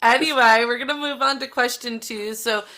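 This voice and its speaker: Bright-voiced chatty woman. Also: on the high side, fairly even intonation, moderate pace. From New Jersey. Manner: laughs often, chatty. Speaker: podcast co-host. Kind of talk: casual live podcast chat.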